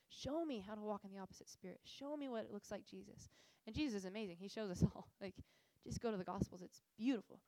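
A woman's voice: medium pitch, dry recording, low-quality recording. A young woman giving a casual, earnest faith talk to a group, telling stories with lots of fillers. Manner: earnest, animated storytelling with frequent fillers. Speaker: missions speaker.

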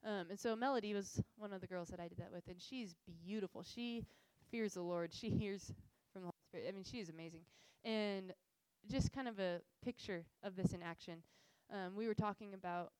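A woman's voice: medium pitch, brisk, few pauses, smooth, no echo, poor audio. A young woman giving a casual, earnest faith talk to a group, telling stories with lots of fillers. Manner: earnest, animated storytelling with frequent fillers. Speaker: missions speaker.

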